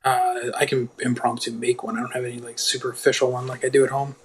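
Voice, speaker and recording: A man's voice: mid-range voice, flat delivery, fast, a little hiss or hum. A man playing a tabletop game, casually thinking aloud about his options. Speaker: player.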